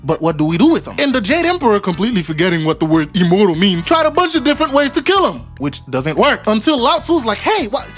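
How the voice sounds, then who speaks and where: Animated comedic myth narrator, heavy slang, faint background music. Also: mid-range voice, fast, hardly any pauses. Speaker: storyteller.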